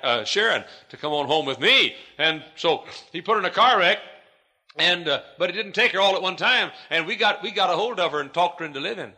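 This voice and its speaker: A pastor delivers a sermon with a gravelly edge to his voice. His tone is bright and forceful. He drops to near whispers and then climbs to shouted peaks. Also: mid-range voice. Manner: swings from hushed to shouted preaching.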